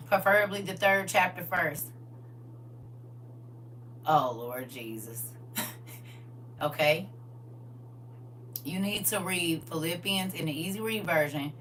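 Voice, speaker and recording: A woman hosting a livestream in casual chat, laughing often, repeating "listen," and moving into gentle spiritual advice. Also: on the low side, slow, long pauses. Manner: laughs often, repeats "listen" and "I'm trying to tell you". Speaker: livestream host. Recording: distant mic with faint hum.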